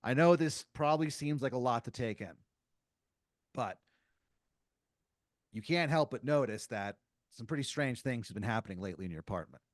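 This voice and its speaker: Calm explainer in a black space helmet, put on by a man; lively pitch, dry mic. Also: normal speed, pauses often, no room sound, natural voice. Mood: explaining. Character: calm male fictional guide in black astronaut helmet.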